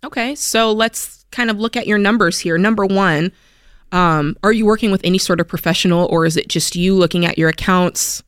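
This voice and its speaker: Energetic woman radio host, smooth clear voice. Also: a little fast, dry recording, clean studio sound. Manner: energetic, animated, acts out quotes in a higher voice. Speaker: radio money show host. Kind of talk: upbeat motivational radio talk.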